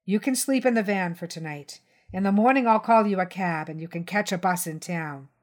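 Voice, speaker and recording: A woman voicing a protective mother of young boys, gentle with her children and firm with a grown man. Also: on the low side, brisk, lightly acted. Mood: stern. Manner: soothing, then cold and commanding.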